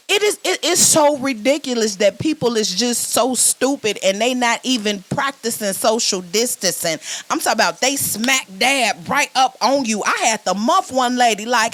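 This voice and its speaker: Young woman doing a sassy, loud virtual stand-up set. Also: medium pitch, normal speed. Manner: loud, sassy, repeats words when starting phrases. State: sweating. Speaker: stand-up comedian.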